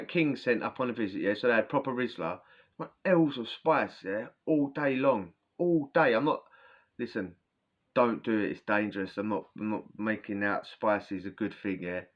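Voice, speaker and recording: On a lo-fi camera-mic recording, a lowish-voiced man vlogs about prison. His storytelling is loose and slangy, peppered with swearing and a habitual "yeah?" at the end of lines.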